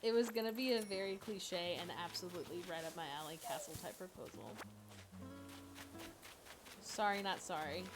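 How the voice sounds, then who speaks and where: A woman's voice: on the low side, moderate pace, long pauses. A woman live streamer chatting casually and giggling while she plays a game, full of fillers. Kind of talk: casual chat while gaming. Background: game music.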